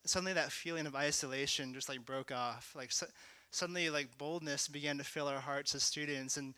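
A young man tells his testimony in a loose, chatty way, filling his sentences with "like" and "you know". His voice is bright and crisp, a little high for a man. It sounds close and dry, with no room around it. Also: steady tone, a little fast, no room sound. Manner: casual, lots of "like" and "you know", rising to shouts. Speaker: speaker sharing a testimony. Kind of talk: testimony talk.

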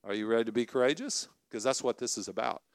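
A middle-aged man preaching a sermon to college ministry leaders, conversational and energetic, often asking the crowd questions. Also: mid-range voice, fast talker, gravelly, clean tone, no room sound. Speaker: pastor.

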